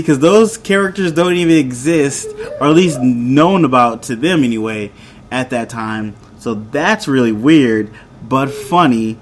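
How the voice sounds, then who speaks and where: A man's voice: medium pitch, a little hiss or hum. A man in his thirties casually recapping a TV episode, rambling and retelling scenes with quoted lines and chuckles. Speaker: show host reviewing a TV episode.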